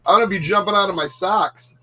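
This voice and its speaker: On a rough recording, a man hosts a live retro gaming stream, playing and chatting casually with commentary, cracking self-mocking jokes and laughing often. His voice is high-pitched, fast, pushed and bright.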